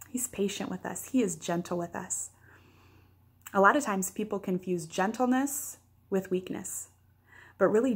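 A woman's voice: mid-range voice, gravelly, husky. A woman pastor giving a daily devotional, teaching earnestly with playful asides.

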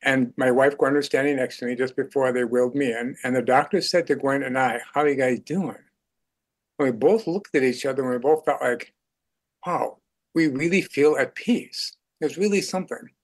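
A man's voice: mid-range voice, brisk. An older man speaking as a radio guest in an earnest faith conversation, chuckling now and then.

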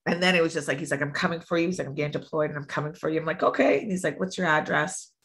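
Bright-voiced woman telling candid stories. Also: low voice, fairly even intonation, very fast. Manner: chatty storyteller, acts out quotes with laughs. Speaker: podcast guest. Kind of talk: candid casual chat.

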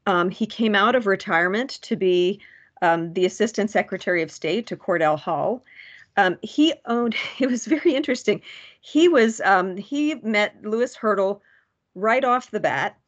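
A woman presenting research at a public commission meeting, halting, with many fillers and restarts. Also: mid-range voice, lively intonation, dull audio.

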